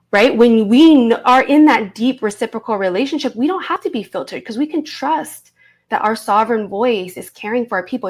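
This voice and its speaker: A woman in her thirties teaching an online course, speaking in a reflective way and often checking in with her listeners. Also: medium pitch. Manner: reflective, warm teaching tone with frequent "right?" check-ins. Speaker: voice coach.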